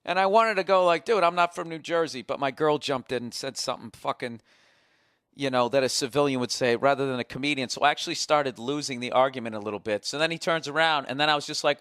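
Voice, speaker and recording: A man in his forties spins a profane, fired-up story into a close podcast mic, his voice sitting a little higher than most men's. He swings between loud acted-out shouting and low, muttered asides. The sound is dry and close, with no room around it. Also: fast, smooth, no echo. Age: 40s. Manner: profane, animated rant with acted-out quotes. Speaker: podcast host. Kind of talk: casual comedic storytelling.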